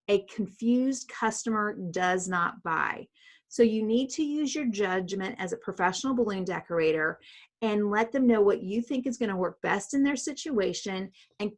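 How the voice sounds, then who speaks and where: Emphatic woman coaching business owners. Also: mid-range voice. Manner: emphatic, direct, repeats key points. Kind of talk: instructional coaching talk.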